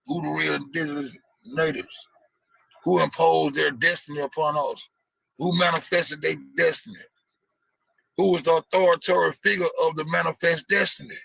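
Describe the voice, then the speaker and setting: A man with a gravelly, raspy edge and a bright, pressed tone, sounding very close and dry with no room around him. He comments casually over played clips. His manner is preachy, and he fires off rhetorical questions one after another. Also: a little high, dry recording, rough recording. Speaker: reaction video host.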